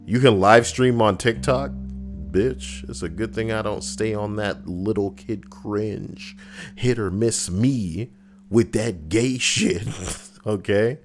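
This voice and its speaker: A man's voice: fairly low pitch, slow, soft background music. A man streaming live, chatting casually and joking with viewers, rambling and swearing. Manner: rambling, jokey, swears freely.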